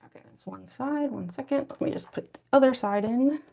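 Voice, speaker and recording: In a high voice with vocal fry, a young woman cosplayer talks a little fast, and the recording sounds muffled. She's chatting casually on a livestream while getting into costume, rambling, using lots of fillers, putting herself down, and lisping slightly from her fangs.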